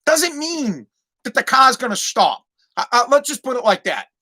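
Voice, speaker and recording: A man, hosting a podcast and telling a profane, animated story with many restarts. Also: extremely high pitch, moderate pace. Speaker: podcast host. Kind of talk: casual storytelling monologue.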